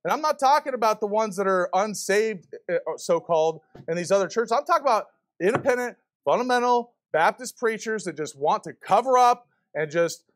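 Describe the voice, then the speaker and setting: A man's voice: sits high, expressive, a little fast, few pauses, fairly bright tone. A man preaching a fiery sermon to a church congregation, firing rhetorical questions at the pews. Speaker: visiting preacher.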